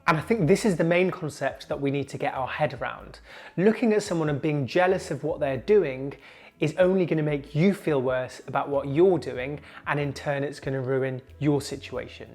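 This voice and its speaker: Earnest young man. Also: fairly high pitch. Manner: earnest, measured, slows down for emphasis. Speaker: junior doctor and comedian, video host. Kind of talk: scripted motivational talk to camera.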